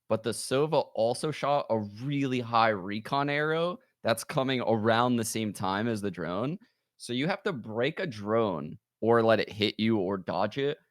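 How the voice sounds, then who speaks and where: A man co-hosting a live gaming show, excitable and laughing, swearing in casual chat. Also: fairly low pitch, no echo, studio quality.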